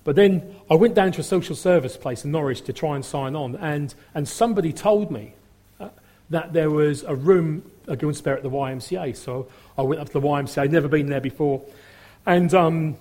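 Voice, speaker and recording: A man's voice: fairly high pitch, brisk, dark tone. A middle-aged man giving a rambling personal testimony full of fillers, acting out the voices he quotes. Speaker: testimony speaker.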